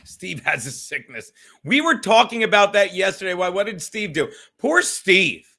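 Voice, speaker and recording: A man's voice: high-pitched, big pitch swings, normal speed, gravelly, sharp tone. Rambling man chatting to his stream. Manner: rambling, talks straight to chat viewers. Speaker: podcast host reading live chat. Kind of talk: casual livestream chat.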